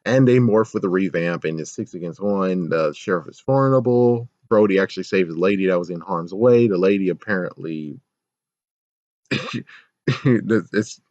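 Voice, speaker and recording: A man's voice: low-pitched, normal speed, a little mellow, no echo. Sarcastic ranting man reviewing episodes. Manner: ranting, sarcastic, laughs often, swears. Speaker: show reviewer. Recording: dull, lo-fi, dry sound.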